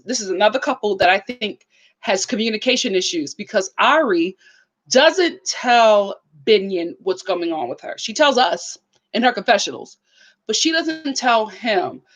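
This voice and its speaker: A woman with features giving a casual live review of a reality show, speaking to her viewers in an animated, preachy way. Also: a little high.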